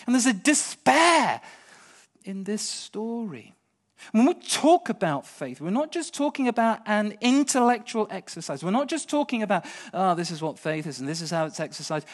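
A middle-aged British man preaching a sermon, swinging between hushed storytelling and impassioned pleading. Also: sits high, big pitch swings, normal speed.

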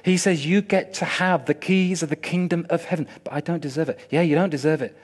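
A man preaching with a fairly high voice and lots of drama. He drops to a near hush, then builds to loud, fervent peaks. A colors his delivery. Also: steady tone, fairly quick. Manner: swings from hushed to loud, impassioned and dramatic. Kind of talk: sermon.

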